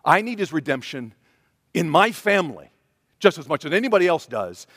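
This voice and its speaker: Earnest high-voiced preacher in a hall. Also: male voice, very animated, a little fast, fairly bright tone, slightly rough, studio quality. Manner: earnest, emphatic, repeats key phrases. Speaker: pastor. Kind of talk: sermon.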